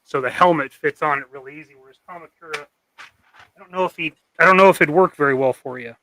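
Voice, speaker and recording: A young man hosting a live stream about customizing toys, chatting casually and easygoing, halting now and then with fillers. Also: fairly high pitch, bright, forceful tone. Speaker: host and toy customizer.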